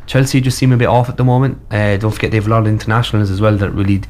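A man hosting a casual football chat, giving measured, opinionated takes. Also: on the low side, flat delivery, a little mellow.

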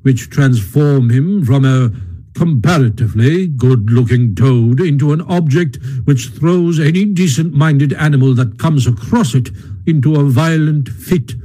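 A man voicing a grave, solemn old male badger in a storybook reading, speaking slowly and weightily. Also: fairly high pitch, warm tone, poor audio.

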